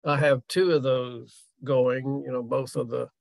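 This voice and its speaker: A man hosting a community talk series speaks slowly, his voice gravelly with fry. His speech is halting and full of fillers, recorded dry and close. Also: mid-range voice, flat delivery, dry recording. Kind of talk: casual chat.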